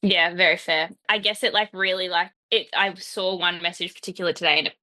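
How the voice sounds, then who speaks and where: A woman's voice: fairly low pitch, steady tone, fairly quick, bright, forceful tone. A young woman as a client on a coaching call, hesitant and full of fillers. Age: young adult.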